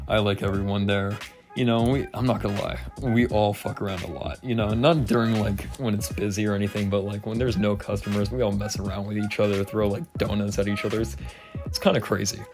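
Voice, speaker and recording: A young man telling work stories in a casual vlog, rambling and swearing, not sober, laughing often. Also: on the low side. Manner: rambling, profane, laughing, slightly slurred. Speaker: vlogger. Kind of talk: casual storytelling rant.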